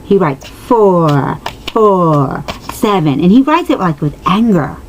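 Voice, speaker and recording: Low-voiced woman telling a rambling personal story. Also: very animated, takes it slowly, slight background noise, low-quality recording. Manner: rambling, with many restarts and asides to viewers; earnest and emotional. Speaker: vlogger answering viewers.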